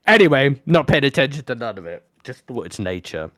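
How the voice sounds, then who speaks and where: Young male podcast co-host, from Africa, animated swearing storyteller, dry close-miked voice. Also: on the high side, fast talker, few pauses, no echo. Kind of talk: casual storytelling chat.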